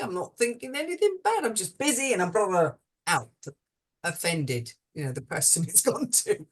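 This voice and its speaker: A woman hosting an online panel discussion, talking in halting phrases with many restarts and laughing at herself. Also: on the high side, very animated. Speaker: host.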